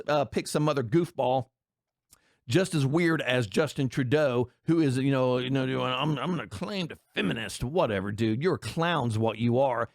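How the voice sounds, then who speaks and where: A man's voice: a little high, no echo, clean studio sound. An American man ranting angrily in profane commentary, rambling through a story and a political complaint. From United States. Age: adult.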